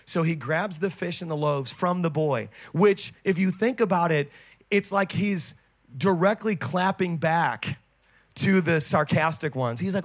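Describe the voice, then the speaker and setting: A man with a notably high voice delivers a sermon as a pastor. He is fervent and bursts into shouts on his biggest claims, then slips into quick, conversational asides. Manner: fervent, swings between loud exclamations and quick asides.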